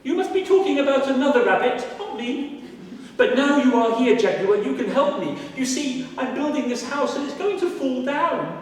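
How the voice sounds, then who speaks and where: A man voicing a sly, boastful male rabbit trickster in a told folk tale, high and wheedling. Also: sing-song, normal speed. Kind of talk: storytelling performance. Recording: echoey hall, voice from far off.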